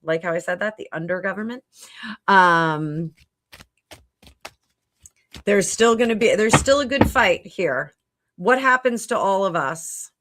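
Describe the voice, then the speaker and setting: A woman's voice: medium pitch, animated, slow, long pauses, a bit bright. A middle-aged woman hosting a psychic livestream, chatting casually with viewers and thinking aloud with many fillers and restarts. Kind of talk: casual livestream chat answering viewer comments. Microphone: computer mic at a home livestream.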